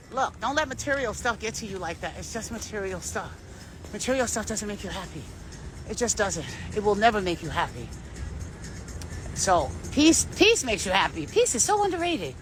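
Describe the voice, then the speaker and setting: A woman's voice: high voice, animated, normal speed, noisy background. A woman delivering a rambling personal monologue to camera, profane and intense, with sudden shifts in tone. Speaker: vlogger.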